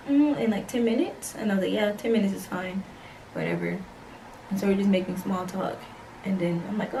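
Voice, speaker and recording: Animated young woman telling a story. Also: mid-range voice, far from the mic, slight background noise, low-quality recording. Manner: animated, acts out dialogue, slangy. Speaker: vlogger. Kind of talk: casual storytime.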